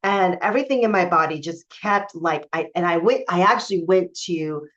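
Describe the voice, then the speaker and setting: A woman's voice: fairly low pitch, normal speed, fairly bright tone. Candid woman telling a personal story. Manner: candid, emphatic, many fillers and restarts. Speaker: spiritual coach. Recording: dull lo-fi recording.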